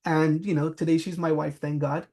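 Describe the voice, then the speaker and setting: A man's voice: fairly high pitch, flat delivery, moderate pace, darkish tone. A man giving a business talk, telling anecdotes with frequent fillers. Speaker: presenter.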